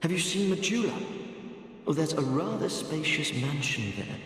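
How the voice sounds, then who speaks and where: An actor voicing a polite, scatterbrained male cartographer in a video game, gentle and distracted. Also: fairly high pitch, lively intonation, normal speed. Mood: dreamy. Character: absent-minded wandering male cartographer, polite. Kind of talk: video game character dialogue. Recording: roomy game audio with long reverb.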